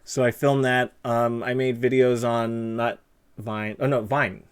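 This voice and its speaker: A man's voice: mid-range voice, little pitch movement, measured pace, clean tone. Chatty man hosting a livestream interview. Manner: loose, chatty, reads chat aloud, laughs easily. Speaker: streamer and interviewer. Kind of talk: casual livestream chat.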